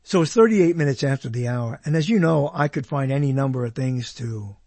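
A man's voice: mid-range voice, fairly quick, a little mellow, dry recording. A man hosting a radio show, rambling casually and laughing at himself as he goes.

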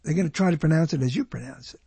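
A man's voice: a little high, rapid-fire, vocal fry, mellow, husky, no echo. A man hosting a radio show, rambling casually and laughing at himself as he goes.

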